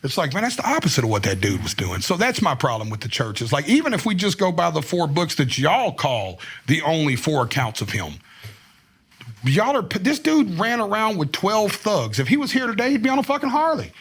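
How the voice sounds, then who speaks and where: A man with a husky, breathy voice that sits high and swings widely up and down. He talks casually and profanely, leaning into each story with plenty of energy. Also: huge pitch swings, brisk, a bit bright. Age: adult, married. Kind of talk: casual chat.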